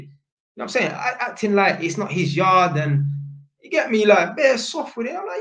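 A man telling a story in a casual, animated way, full of street slang and tag questions. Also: high-pitched, fairly quick. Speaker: vlogger. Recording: echoey room, dull lo-fi sound.

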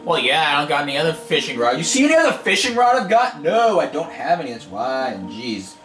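A man's voice: a little high, big pitch swings, brisk, fairly bright tone. A man giving casual, rambling gameplay commentary as a let's play host, impatient and wisecracking. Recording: echoey room, game music behind.

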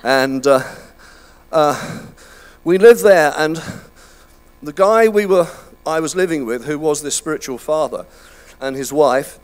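A man's voice: a little high, unhurried. An older man preaching a sermon in a chatty, self-deprecating way, with many fillers and restarts. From United Kingdom. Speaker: pastor. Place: church hall.

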